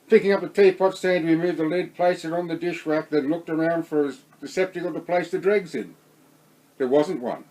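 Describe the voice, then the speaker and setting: A man with an Australian accent reading his own novel aloud in a steady storytelling voice. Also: fairly high pitch, brisk, low-quality recording. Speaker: narrator.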